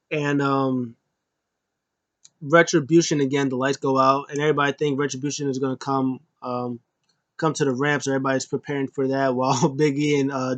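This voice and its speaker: A man's voice: mid-range voice, dry recording. A man recapping a wrestling show in a casual, rambling way, full of ums and uhs. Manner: rambling, filler-heavy, animated.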